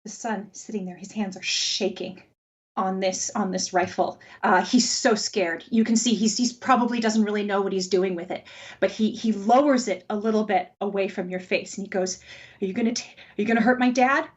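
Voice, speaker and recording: A woman narrating as game master of a tabletop game, describing scenes with lively energy. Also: medium pitch, moderate pace, breathy edge. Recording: slightly dull lo-fi sound.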